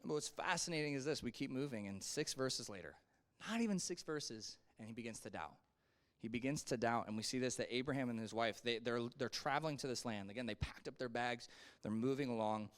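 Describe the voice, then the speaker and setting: Man, Sunday school teacher, chatty Bible lesson, lively, talks straight to the class, mid-pitched voice. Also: brisk, clear, resonant tone. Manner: animated, conversational, acts out quotes with big pitch swings; asides and jokes to the class.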